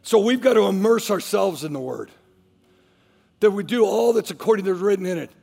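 A man's voice: sits high, animated, a little fast, creaky, warm tone, big-room sound. A man preaching a sermon as a pastor, emphatic, repeating his phrases as he drives each point home.

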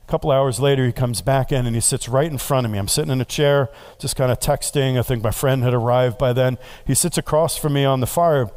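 A man preaching, a pastor telling a story in a relaxed, conversational way and building to earnest prayer. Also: mid-range voice. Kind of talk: sermon.

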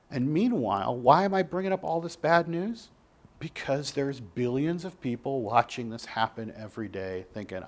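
A man preaching a sermon with passion, swinging between loud emphatic lines and quiet, dropped asides. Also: on the high side. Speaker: pastor.

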